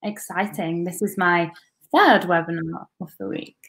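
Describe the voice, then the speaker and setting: Slow-talking young British woman. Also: lowish voice, gravelly. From London, England. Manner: relaxed, brief replies. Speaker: webinar co-host. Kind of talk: casual live webinar chat.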